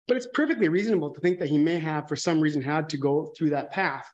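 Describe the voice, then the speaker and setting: A man's voice: fairly high pitch, quick pace, darkish tone, muffled recording. A man preaching a conversational sermon, candid and musing, thinking aloud and often restarting his sentences.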